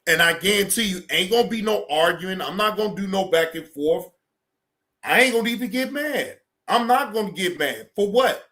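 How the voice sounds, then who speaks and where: A man's voice: high voice, a little fast, few pauses, pushed and bright. A man on a stream, delivering a blunt, repetitive warning rant. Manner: blunt, warning, repeats himself.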